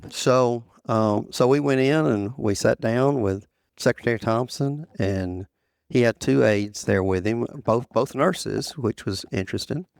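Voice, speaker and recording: In a conversational interview, this former association president, now an older man, spins a lengthy tale, circling back on phrases and quoting others. He speaks unhurriedly in a mid-range, creaky voice with a darkish tone, and there's no room sound.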